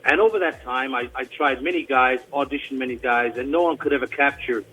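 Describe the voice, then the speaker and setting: A man from Australia, a tribute performer, telling a story in a casual radio interview, with an animated delivery full of restarts and a mild Australian accent. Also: mid-range voice, a little fast, breathy edge, faint music behind, poor audio. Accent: mild Australian, mostly hidden.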